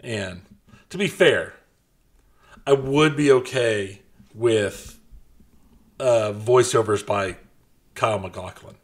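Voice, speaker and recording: A man's voice: slow, long pauses. Dry-joking male podcast co-host. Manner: dry, joking, pitches absurd ideas with a straight face. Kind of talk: casual chat.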